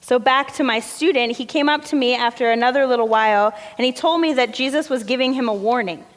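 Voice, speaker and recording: A woman pastor delivers a sermon in a loose, conversational storytelling manner. Her voice sits a little high for a woman. The sound rings with long reverb from the church sanctuary around her. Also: fairly quick. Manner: conversational storytelling, relaxed fillers.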